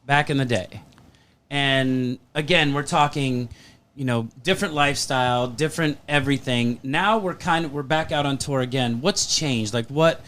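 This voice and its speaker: A man from the Southern United States co-hosting a podcast, chatting casually and telling relaxed stories. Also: medium pitch, moderate pace. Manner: relaxed, storytelling. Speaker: podcast co-host. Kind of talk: casual chat.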